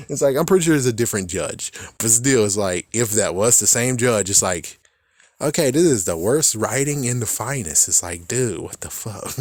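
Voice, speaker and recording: A man with a somewhat low voice rants through a TV recap, animated and swearing freely. The sound is dry and close, with no room around it. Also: normal speed, no echo. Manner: animated, profane, laughing asides. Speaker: show recap vlogger. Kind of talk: casual reaction rant.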